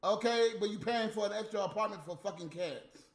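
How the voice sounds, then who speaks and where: A man's voice: sits high, brisk, creaky, echoey room. A middle-aged man ranting on a livestream, blunt and exasperated, cursing freely. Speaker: livestream host. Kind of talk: profane off-the-cuff rant.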